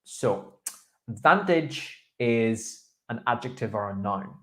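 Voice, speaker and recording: Young male speaking coach, mid pitch, encouraging, models pronunciation. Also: animated, takes it slowly, bright, forceful tone. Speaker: IELTS speaking teacher. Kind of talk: feedback after a mock speaking test.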